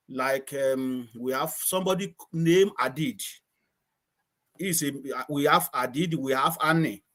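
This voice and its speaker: A man from Nigeria, a guest telling stories in casual conversation, halting and repeating words, often laughing. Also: a little high, a bit bright.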